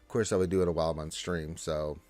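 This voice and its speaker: A man hosting a casual gaming live stream, reading viewer chat in a loose, chatty way with restarts and sudden lifts in pitch. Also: steady tone, fast talker, darkish tone, dry recording.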